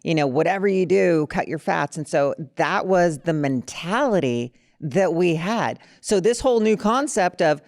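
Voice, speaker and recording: A woman's voice: lowish voice, animated, normal speed, hardly any pauses, darkish tone, no echo. Woman host, casual interview, chatty, dry close sound. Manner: chatty, many fillers like "you know". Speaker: podcast host.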